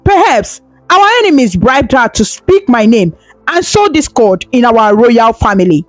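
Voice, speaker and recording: A woman's voice: a little high, sing-song, measured pace, no room sound, faint music behind. A woman storyteller voicing a jealous scheming prince who bellows commands in outrage. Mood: defensive.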